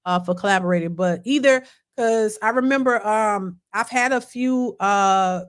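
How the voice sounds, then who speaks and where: A woman hosting a casual live stream, telling a funny story in an animated, colloquial way and answering chat comments. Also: mid-range voice, unhurried. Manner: animated, laughing, colloquial, swings from loud to hushed.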